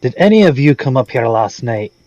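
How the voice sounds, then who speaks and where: A man voicing a bluff, gruff dwarf barbarian who keeps calling people lad. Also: mid-range voice, very animated, brisk, darkish tone, no room sound, lo-fi sound, natural voice. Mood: protesting.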